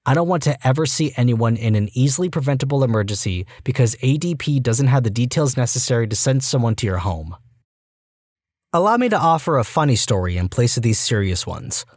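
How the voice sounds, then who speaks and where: A man reading reddit stories aloud in an even, steady voice. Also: medium pitch, a little fast, no echo, studio quality. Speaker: reddit story narrator.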